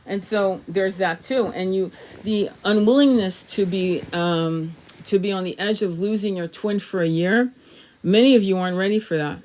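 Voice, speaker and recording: A woman's voice: medium pitch, normal speed, a little mellow, slight background noise. A middle-aged woman giving a spiritual tarot reading to camera, blunt and emphatic, swearing freely and laughing often as she talks. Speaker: tarot reader. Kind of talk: casual spoken reading to camera.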